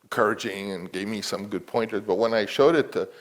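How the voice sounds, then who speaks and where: A man's voice: fairly low pitch, a little fast. A man, a film director, talking reflectively in an interview, rambling with many restarts.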